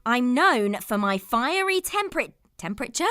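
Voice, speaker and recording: A woman's voice: fairly high pitch, big pitch swings, moderate pace, bright, forceful tone, a little hiss or hum. A British woman co-hosting a casual chat, telling stories and laughing often. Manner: chatty storyteller, laughs often. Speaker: co-host.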